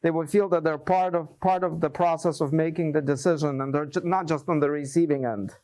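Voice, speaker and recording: A man's voice: a little high, steady tone, brisk, darkish tone. A man presenting at a scientific workshop, answering questions thoughtfully with frequent restarts and repeated words.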